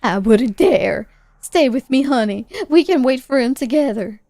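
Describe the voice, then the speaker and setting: A woman's voice: sits high, expressive, a little slow, warm tone, no room sound, clean studio sound. A woman voicing a worried, protective older mother, reading game dialogue aloud in a raised, pleading voice. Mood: coaxing.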